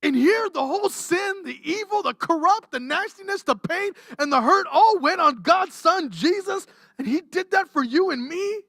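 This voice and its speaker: A pastor delivering a livestreamed sermon, impassioned and emotional, rising to near-shouts and dropping to hushed softness. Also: very high voice, expressive, normal speed, hardly any pauses, dry recording, studio quality. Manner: impassioned, swings from raised intensity to hushed softness. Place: church.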